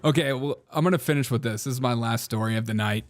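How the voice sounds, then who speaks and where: A man's voice: mid-range voice, quick pace, dry recording. A man hosting a live political comedy show, reacting to clips with sarcastic, mocking commentary and frequent laughter.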